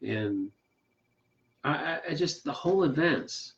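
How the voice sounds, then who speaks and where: A man's voice: a little high, lively intonation, takes it slowly, slight background noise. A man co-hosting a podcast, sharing a faith testimony in a folksy, emphatic, rambling way. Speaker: podcast co-host. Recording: slightly muffled audio.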